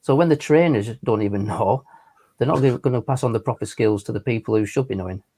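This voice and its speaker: A man's voice: mid-range voice, fast, dark tone, slightly rough. A man in casual chat, stumbling and repeating words as he explains.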